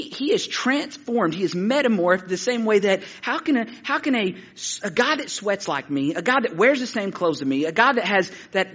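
A man preaching a sermon, telling stories in an animated, excited and halting way. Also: high-pitched, highs cut off. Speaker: pastor.

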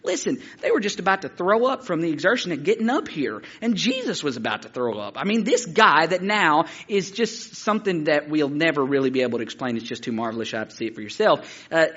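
A man preaches with animated, excited energy, tripping over his words as he tells stories. His voice sits a little high and sounds bright and forceful. The recording is muffled and lo-fi. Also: breathy edge. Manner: animated storytelling, excited and halting. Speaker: pastor. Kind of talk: sermon.

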